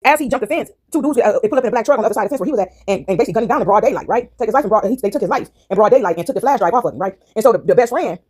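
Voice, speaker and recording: Fast-talking husky woman vlogger. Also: fairly high pitch, lively intonation, warm tone. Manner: rambling, swearing, addresses viewers as y'all. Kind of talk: casual rambling movie recap to viewers.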